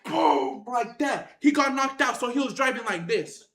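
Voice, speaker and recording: An animated storyteller telling a wild story to camera in casual slang, acting out scenes with sound effects, repeated phrases and shouted lines. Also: high-pitched, moderate pace, echoey room.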